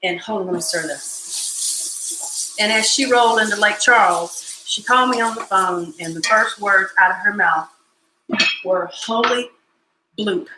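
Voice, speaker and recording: A woman's voice: medium pitch, a little slow, echoey room, noisy background. A woman hosting a casual live cooking stream from her home kitchen, chatty and joking in a folksy way.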